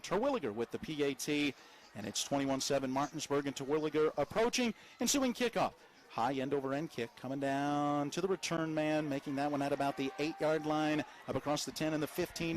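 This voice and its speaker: A man with a West Virginian accent calling a high school football game live, reading sponsor spots between plays and climbing in pitch on big plays. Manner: fast, rising excitement on big plays, chatty asides. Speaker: play-by-play announcer. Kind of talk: live sports commentary with sponsor reads.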